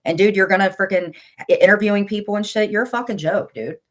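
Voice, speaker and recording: A woman's voice: medium pitch, fast. A middle-aged woman with a blunt, insulting, exasperated manner, ranting in casual chat on a livestream. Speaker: livestream commentator.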